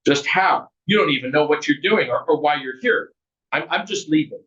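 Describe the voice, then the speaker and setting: A man's voice: on the high side, moderate pace, sharp tone, reverberant, pitched above the performer's own voice. A man voicing his wife with dementia as a confused, agitated, accusing woman. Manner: accusing, snarky. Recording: distant, muffled recording.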